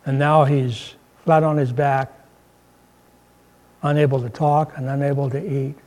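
A man's voice: medium pitch, flat delivery, unhurried, darkish tone, rough recording. A man preaching a sermon in a conversational way, mixing humor and scripture and lifting his voice for emphasis. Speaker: pastor.

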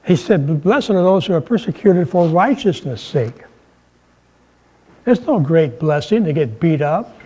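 A man delivers a sermon with a fairly high voice for a man. He talks to the congregation in a relaxed, conversational way, telling jokes and raising his pitch whenever he drives a point home. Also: unhurried, breathy edge, rough recording. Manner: conversational preaching with humor, voice rising for emphasis. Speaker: pastor.

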